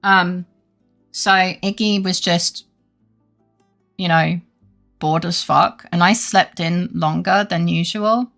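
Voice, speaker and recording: A bright-toned woman chats to her live-stream audience in a loose, sweary, laughing way. Her voice carries some vocal fry, and faint music plays underneath. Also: lowish voice, fairly even intonation, slow pace, pauses often. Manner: chatty, swears freely, laughs often. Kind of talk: casual live-stream chat with viewers.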